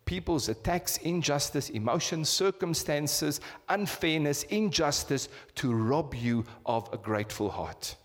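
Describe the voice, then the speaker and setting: A man in his fifties with a South African accent, preaching a sermon and putting rhetorical questions to his congregation. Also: fairly high pitch. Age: 50s. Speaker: pastor. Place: church hall. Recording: long reverb of a church hall.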